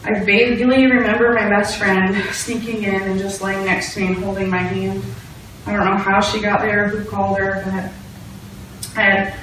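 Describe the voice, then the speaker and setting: A woman's voice: medium pitch, flat delivery, moderate pace, fairly bright tone. Young woman, earnest personal storytelling, talking to teens, faint room hum, reverberant hall. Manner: earnest, vivid storytelling with acted-out quotes. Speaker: speaker giving a testimony to a youth group. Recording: echoey hall, distant from the mic.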